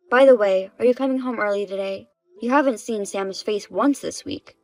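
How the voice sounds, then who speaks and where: A woman with a mid-pitched voice plays a wronged wife. She speaks plainly, with an indignant edge. Soft music runs quietly behind her. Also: normal speed, low-quality recording. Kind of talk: dubbed story drama narration.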